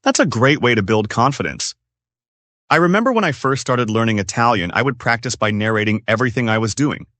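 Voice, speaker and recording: A man's voice: mid-range voice, lively intonation, a little fast, a bit bright, no echo. A man co-hosting a scripted English-learning podcast, speaking in an upbeat, explanatory way. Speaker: podcast co-host.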